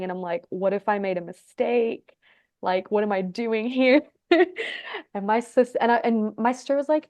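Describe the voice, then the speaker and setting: Woman, thirties, podcast guest, chatty storytelling, filler-heavy, middle pitch, dry sound. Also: a little mellow, no echo. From Egypt and Texas. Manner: chatty, lots of "like", laughs often. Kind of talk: casual storytelling interview.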